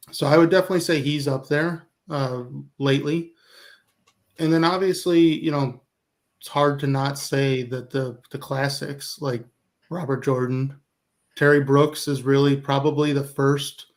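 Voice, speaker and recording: American man in his thirties, monotone, meandering guest author in a relaxed chat. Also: mid-range voice. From United States. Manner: flat, meandering, filler-heavy. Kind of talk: casual video chat.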